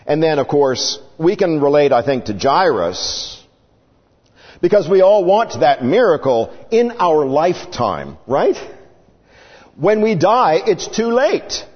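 A man's voice: on the high side, big pitch swings, slow, husky. A man preaching a sermon, acting out the people in the story with dramatic swings in his voice. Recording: dull sound with long reverb.

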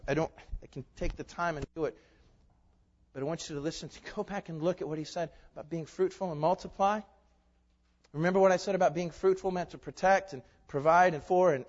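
Emphatic preacher man in an echoey hall. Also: a little high. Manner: emphatic, rhetorical questions, swings from loud to hushed. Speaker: pastor. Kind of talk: sermon. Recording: echoey hall, dull lo-fi sound.

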